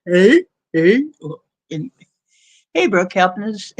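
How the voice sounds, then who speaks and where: A woman's voice: mid-range voice, sing-song, slow pace, pauses often. A woman hosting a casual livestream of readings, joking playfully and giggling to herself as she greets viewers. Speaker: livestream host giving readings.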